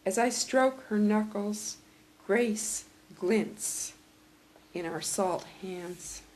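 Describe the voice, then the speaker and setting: An older woman poet giving a poetry reading in a measured, reflective way. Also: medium pitch, darkish tone, slight background noise, low-quality recording. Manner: slow, measured and reflective delivery.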